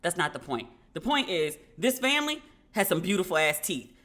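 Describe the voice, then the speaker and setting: A woman hosting a podcast, telling stories in a casual, animated way and acting out the dialogue she quotes. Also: lowish voice, a little fast. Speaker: podcast host. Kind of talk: casual commentary.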